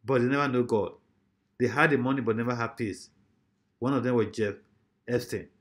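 A man preaching a sermon emphatically, often repeating his phrases and swinging between loud and soft. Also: mid-range voice, a little fast.

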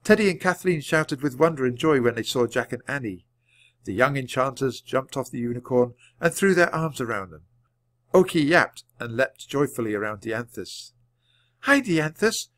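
A man reading a children's book aloud at a clear, measured pace. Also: mid-range voice, expressive, fairly bright tone, dry recording. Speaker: storybook reader.

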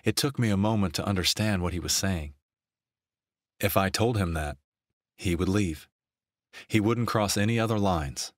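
Deep-voiced male audiobook narrator. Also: moderate pace, pauses often, no room sound, studio quality. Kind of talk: scripted romance narration.

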